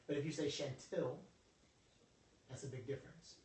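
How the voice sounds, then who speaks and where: A man giving a joking, animated motivational workshop talk to a group. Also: medium pitch, fairly quick, long pauses, recorded from a distance. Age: adult over twenty-five. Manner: animated, joking, preacher-like delivery. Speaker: motivational speaker. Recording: echoey room, voice from afar.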